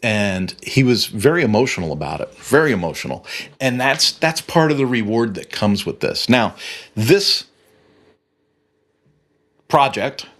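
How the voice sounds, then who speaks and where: A man's voice: lowish voice, fairly bright tone. A man who runs a web agency, telling client stories in a casual, rambling monologue full of restarts. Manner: rambling, storytelling with frequent restarts. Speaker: web agency owner and podcast host.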